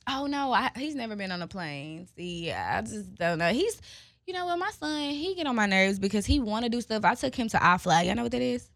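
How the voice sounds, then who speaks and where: A young woman and mother in casual chat, animated, laughing often and acting out what people said. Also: fairly high pitch, fairly quick, gravelly, no room sound, studio quality. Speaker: podcast guest, mother.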